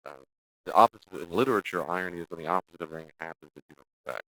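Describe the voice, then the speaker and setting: A man's voice: deep voice, very fast, fairly bright tone, no echo, rough recording. A male pastor teaching a church class in a direct, conversational way, acting out quoted speech in exaggerated voices. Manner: direct, conversational, with frequent restarts.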